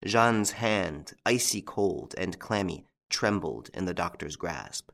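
A man narrating a mystery novel in measured, dramatic scripted narration. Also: low voice, animated, gravelly, a bit bright. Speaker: audiobook narrator.

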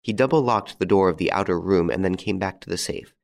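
Man reading a story out loud, steady narration, real low voice with some fry. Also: a little fast. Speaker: audiobook narrator. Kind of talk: scripted narration.

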